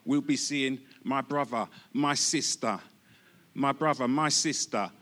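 Guy talking slow at church, testimony, lots of restarts and little laughs. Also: medium pitch, fairly bright tone. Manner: halting, many restarts, laughs easily. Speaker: church member giving testimony.

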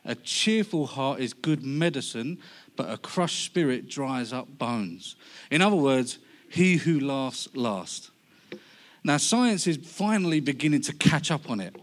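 A man with a Cockney accent preaching a humorous sermon, joking and lively. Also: fairly high pitch. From London. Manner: jokey, lively delivery.

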